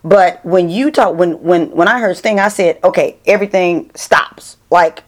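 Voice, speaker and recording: Middle-aged woman hosting an interview, talks fast and excited, lots of restarts. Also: lowish voice. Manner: chatty, animated storytelling with many restarts. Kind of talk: casual interview chat.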